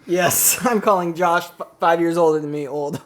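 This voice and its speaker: A man's voice: on the high side, fairly even intonation, normal speed, heavy background noise. A man co-hosting a comedy improv podcast, joking around in playful, teasing banter and laughing often. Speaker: podcast co-host.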